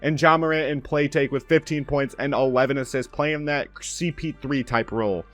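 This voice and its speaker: A young man commenting on his own video game play, bursting into loud calls on made shots. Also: medium pitch, steady tone, normal speed, soft background music. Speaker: gaming commentator.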